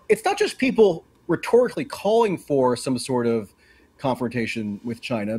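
A man appears as a guest journalist in a political interview. His voice is husky and of middle pitch, and he explains at length in an analytical tone, with plenty of "you know" and "uh". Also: darkish tone.

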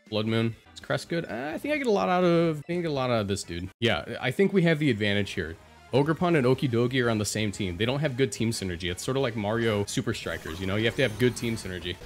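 A man giving jokey, excitable live commentary over his own gameplay, talking back at his opponents. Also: lowish voice. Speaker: video game streamer.

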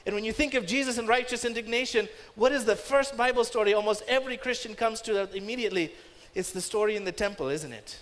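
High-voiced preacher in a reverberant church. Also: male voice, quick pace, a bit bright. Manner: emphatic, rising sharply for quoted commands. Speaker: pastor. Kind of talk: sermon. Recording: long reverb of a church hall.

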